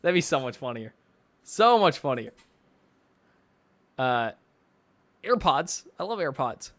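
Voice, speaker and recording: A man's voice: medium pitch, sing-song, slow pace, a bit bright, no echo. A man streaming live, reading chat and posts aloud with profane, mocking, ranting commentary. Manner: reads chat and posts aloud with sarcastic asides.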